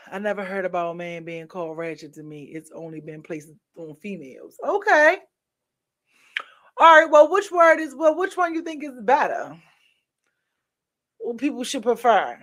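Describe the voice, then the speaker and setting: A woman's voice: medium pitch, fairly bright tone. A tired woman runs a casual livestream and talks straight to her viewers in a loose, chatty way. She drifts from one topic to the next and sounds drowsy and half-yawning the whole time. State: sleepy, yawning. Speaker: livestream host. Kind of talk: casual live-stream chat.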